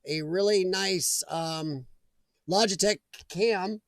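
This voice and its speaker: Chatty high-voiced man streaming live. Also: slow pace, no room sound. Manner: rambling and chatty, reading out viewer comments. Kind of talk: casual live-stream chat. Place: home streaming room. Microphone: desk mic.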